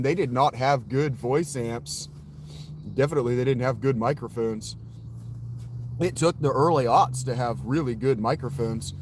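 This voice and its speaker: A man's voice: mid-range voice, slight background noise. A man chatting casually and swearing a lot as he reacts to music, often breaking into laughter. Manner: profane, laughing, animated.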